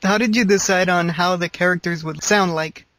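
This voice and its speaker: High male interviewer, dry and close, keeps his questions short. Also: steady tone, moderate pace, bright, forceful tone, no room sound.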